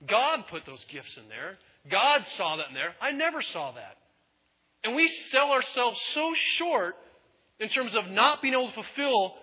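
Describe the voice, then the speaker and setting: Animated, husky male preacher. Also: high voice. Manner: animated, acts out quotes with voices. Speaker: pastor. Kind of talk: sermon. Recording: echoey hall, dull lo-fi sound.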